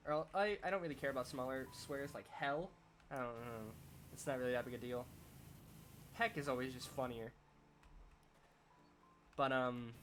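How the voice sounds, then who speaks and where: A young man talks in an easy, meandering way while he plays a game on stream, circling back and restarting his thoughts. His voice sits at an ordinary middle pitch. A faint hiss lingers behind him. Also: a bit bright. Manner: rambling, thinking aloud with many restarts. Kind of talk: casual chat while playing a game.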